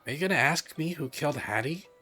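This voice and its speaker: Brief: a man voicing a cryptic, teasing circus girl, light and sing-song, lively pitch. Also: fast talker, slightly rough, soft background music, heavily acted. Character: quirky young circus acrobat girl, teasing.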